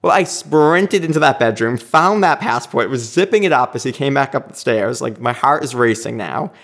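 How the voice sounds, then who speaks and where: A man recounting a personal story in a relaxed, chatty way. His voice sits at an ordinary middle pitch. He jumps into voicing the people in his tale with plenty of energy. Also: moderate pace. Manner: animated, acts out quoted lines. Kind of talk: casual anecdote telling.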